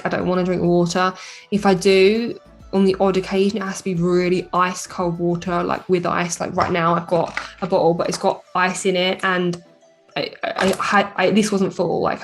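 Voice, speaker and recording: A young woman chatting frankly and a little wearily to camera in a casual vlog. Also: on the low side. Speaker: vlogger. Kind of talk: casual chat.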